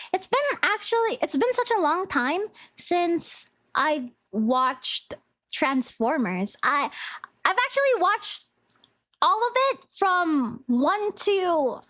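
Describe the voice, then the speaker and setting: High-voiced bubbly woman streamer. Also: a bit bright. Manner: bubbly, rambling, laughs easily. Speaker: VTuber streamer. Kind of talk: casual live-stream chat.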